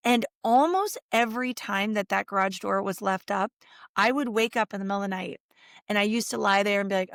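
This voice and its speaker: A middle-aged woman speaks as an interview guest, telling animated stories and acting out what people said. Her voice sits at a middle pitch, and the recording is close and dry with no room sound. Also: brisk, no room sound. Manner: animated storytelling, acts out quotes. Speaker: guest, Catholic speaker and author. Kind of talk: conversational interview.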